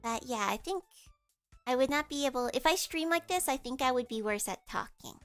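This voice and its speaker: A woman's voice: high voice, animated, fairly quick, a bit bright, soft background music. A woman streamer chatting casually with her viewers in a nasal voice, explaining things as she goes. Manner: chatty, explains with vocal demos.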